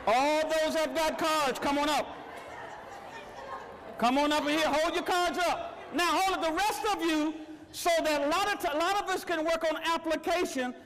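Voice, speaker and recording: A man's voice: very high-pitched, a bit bright, long reverb tail. A man giving a motivational workshop talk to a live audience, urging them on with repeated calls for energy. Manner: exhorting, repetitive, urging the crowd on. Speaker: motivational speaker. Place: large meeting room with audience at tables.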